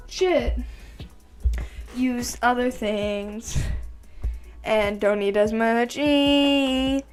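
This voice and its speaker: A teenage girl talking through her study notes in a slow, offhand way and swearing casually. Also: sits high. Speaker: student.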